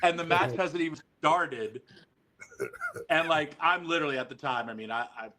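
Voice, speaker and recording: Animated, profane male storyteller. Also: on the high side, moderate pace, poor audio. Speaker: guest. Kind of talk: podcast storytelling.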